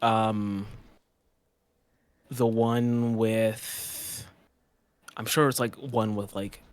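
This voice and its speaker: A man's voice: lowish voice, little pitch movement, drawn-out words, clear, resonant tone, dry recording. A man co-hosting a casual chat podcast, with a dry, teasing way of talking. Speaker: podcast co-host.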